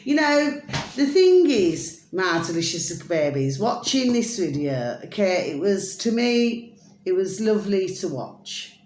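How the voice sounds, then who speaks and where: A woman's voice: on the low side, animated, a little slow, darkish tone, echoey room. A British woman vlogging in a rambling, chatty monologue, full of pet phrases and sing-song asides. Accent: British English. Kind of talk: rambling casual monologue to camera.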